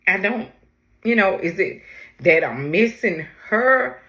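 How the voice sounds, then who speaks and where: Slow, halting grieving woman podcaster. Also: medium pitch, lively intonation, a bit bright. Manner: halting, heartfelt, reflective, many pauses and restarts. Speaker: podcast host. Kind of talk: personal podcast monologue.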